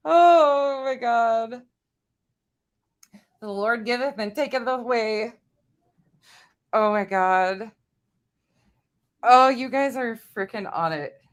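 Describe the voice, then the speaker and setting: A woman's voice: on the high side, takes it slowly, pauses often, fairly bright tone. A woman hosting a casual livestream chat, blunt and profane, laughing often as she talks to her chat. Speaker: livestream host.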